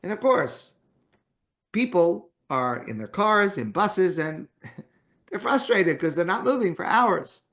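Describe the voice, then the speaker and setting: A man with a fairly high voice gives a morning talk as a rabbi. He speaks in a relaxed, conversational way, telling a story and acting out the voices in it. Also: slow pace. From Canada.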